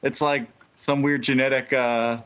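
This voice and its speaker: A man's voice: medium pitch, little pitch movement, measured pace, fairly bright tone, clear, resonant tone. A man, a band member guest, telling stories in a laid-back, rambling way, laughing as he goes, heard over a video call. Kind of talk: casual storytelling interview.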